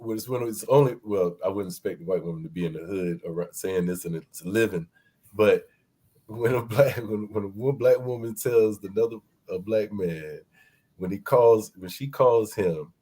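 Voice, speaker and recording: A man co-hosting a casual talk show, lively and joking, quick to laugh. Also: on the low side, breathy edge. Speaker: podcast co-host. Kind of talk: casual chat.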